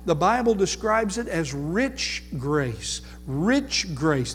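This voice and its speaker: A man preaching a sermon, slow and emphatic, repeating key words for weight. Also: high voice, sing-song, breathy edge. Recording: long reverb with faint music.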